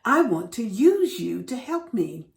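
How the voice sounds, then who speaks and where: Woman as a gentle, deliberate master gardener. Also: a little high, very animated, vocal fry, roomy sound, heavily acted. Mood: tender.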